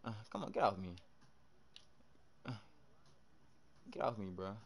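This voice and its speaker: A man's voice: fairly low pitch, measured pace, vocal fry. A young man streaming a basketball video game live, chatting to viewers and trash-talking his opponents as he reacts to each play. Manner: animated trash talk, reacting loudly to plays. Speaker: livestreamer. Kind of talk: live gameplay commentary.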